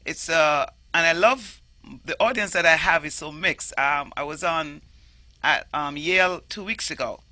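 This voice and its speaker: A Jamaican woman, a storyteller, explaining things in an animated interview. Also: sits low, measured pace, no room sound. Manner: animated, explanatory, stresses words emphatically. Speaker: storyteller guest. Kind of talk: interview conversation.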